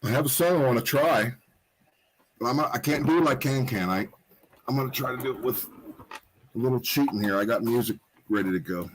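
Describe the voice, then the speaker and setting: A man, a guest musician chatting on a livestream, earnest and warm-hearted, talking in quick bursts. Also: medium pitch, a little hiss or hum, low-quality recording. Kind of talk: casual livestream chat.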